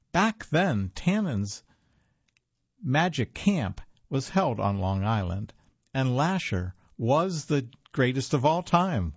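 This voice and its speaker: A man in his fifties narrating his own memoir in the first person, with a wry, deadpan humor. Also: medium pitch, gravelly, husky, no room sound. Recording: dull, lo-fi, dry sound.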